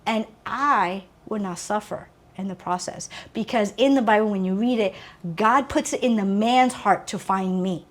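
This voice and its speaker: A woman's voice: mid-range voice, normal speed. A woman in her forties, a guest author, talking earnestly and with animation about faith and moving on in an interview. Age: 40s. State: teary, emotional. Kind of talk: faith-filled interview talk.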